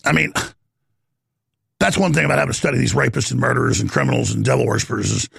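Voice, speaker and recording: A man's voice: medium pitch, quick pace, creaky, a bit bright, breathy edge, no echo. A middle-aged man hosting a talk show, ranting in a rambling, heated monologue.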